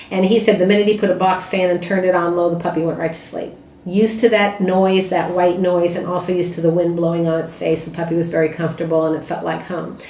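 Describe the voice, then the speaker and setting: A woman's voice: on the low side, a little mellow, a little hiss or hum. A middle-aged woman, a puppy breeder giving advice in a chatty, matter-of-fact way with many fillers. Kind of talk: casual spoken advice. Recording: echoey room.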